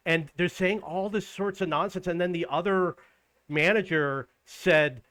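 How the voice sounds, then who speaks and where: A man's voice: a little high, a little slow, fairly bright tone, no echo. A man in his fifties ranting indignantly about his day in a casual vlog, quoting people in an exasperated raised voice. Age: 50s. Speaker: vlogger.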